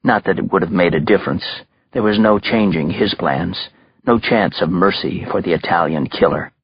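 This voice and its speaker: Deep husky male audiobook narrator. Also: moderate pace, highs cut off. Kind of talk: scripted narration.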